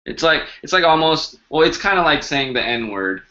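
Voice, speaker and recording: A man's voice: a little high, sing-song, moderate pace, lo-fi sound, background noise. A man hosting a casual live-stream language lesson, chatty and joking as he answers viewers' questions.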